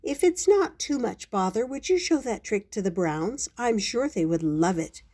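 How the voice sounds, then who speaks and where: Grandma doing a polite, eager young bear. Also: female voice, medium pitch, lively intonation, moderate pace, warm tone, lightly acted. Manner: earnest and very polite.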